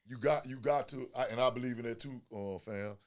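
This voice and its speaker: Brief: man, fast-paced, earnest and agreeable, casual podcast panelist. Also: mid-range voice. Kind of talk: casual discussion.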